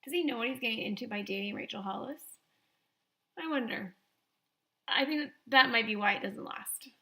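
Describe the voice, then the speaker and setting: Woman, reaction host, casual commentary, sarcastic, incredulous, tense bright voice. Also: fairly high pitch, fairly quick, vocal fry.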